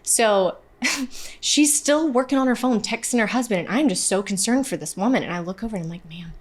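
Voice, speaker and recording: Young actress, guest on a talk show; lively, self-deprecating storyteller who drops her voice low for the big moments. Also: fairly quick. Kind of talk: animated storytelling in casual chat.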